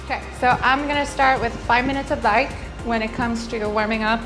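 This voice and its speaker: A woman's voice: on the high side, fairly even intonation, brisk, over music. A young woman talking casually to the camera about her workout in a home garage gym, chatty, with fillers and small laughs. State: out of breath at times. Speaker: fitness vlogger.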